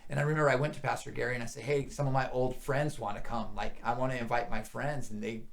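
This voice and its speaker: Gravelly-voiced man telling his testimony. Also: mid-range voice, fairly even intonation, fast. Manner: earnest, drops to hushed near-whispers when emotional. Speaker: guest sharing testimony. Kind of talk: emotional personal testimony.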